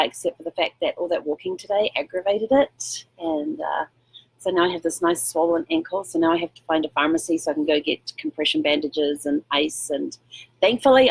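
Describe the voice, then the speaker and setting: A woman's voice: fairly low pitch, vocal fry, slightly rough, dry recording. A middle-aged woman vlogging in casual chat, telling a rambling story full of fillers. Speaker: travel vlogger.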